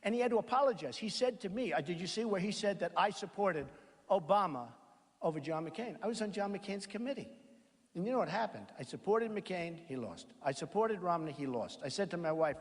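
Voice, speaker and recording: A man addresses a crowd at a campaign rally. His voice sits a touch high and swings up and down in lively bursts as he rambles and boasts, repeating his points. The sound carries the long echo of a large hall. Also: a little fast. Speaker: political candidate. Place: large hall at a college event. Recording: echoey reverb of a large hall.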